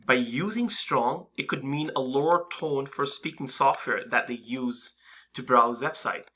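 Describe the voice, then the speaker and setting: A man's voice: medium pitch, unhurried, bright, forceful tone. A man teaching a screen-recorded coding lesson in a casual, hesitant way, with many fillers and restarts. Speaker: coding instructor.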